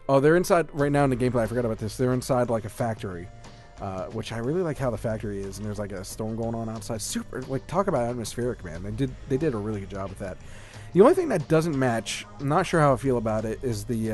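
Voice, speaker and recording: A man co-hosting a gaming podcast from a room at home, talking in a loose, rambling way full of "like" and "um". His voice sits at an ordinary middle pitch, and faint music plays underneath. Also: big pitch swings, fast talker, darkish tone. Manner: rambling, filler-heavy, enthusiastic. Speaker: podcast co-host. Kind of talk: casual gaming podcast chat. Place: home room with a shelf of collectibles.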